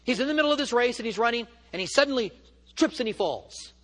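A man's voice: very high-pitched, lively intonation, quick pace, a bit bright. Man preaching in a reverberant hall. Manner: storytelling, emphatic and rising when stirred. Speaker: teacher of a church study. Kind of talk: sermon.

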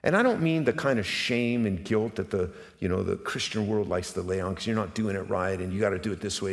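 A middle-aged pastor preaches passionately and directly to his congregation, asking rhetorical questions and swinging between hushed and loud, emphatic moments. His deep voice moves a little fast, with the long reverb of a large hall.

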